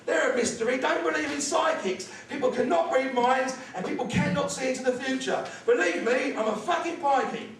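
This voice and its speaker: A man's voice: very high voice, brisk, hardly any pauses, slight background noise. A man doing a crude, sweary stand-up set, ranting through his punchlines. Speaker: stand-up comedian. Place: comedy club stage with live audience. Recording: echoey live club, far-off mic, loud crowd.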